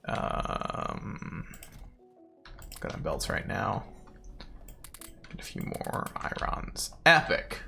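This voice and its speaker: A man's voice: fairly high pitch, big pitch swings, extremely slow, gravelly, long pauses, pushed and bright, slight background noise. A young man streaming a game, chatting casually and rambling playfully with meme phrases while he plays. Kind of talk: casual gaming stream chat. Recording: faint music behind.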